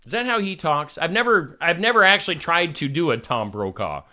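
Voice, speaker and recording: Male live-stream host, chatty and animated, good-humored banter. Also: a little high, a little fast, few pauses. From Iowa. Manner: chatty, jokey, reads out viewer names. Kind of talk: casual live-stream chat.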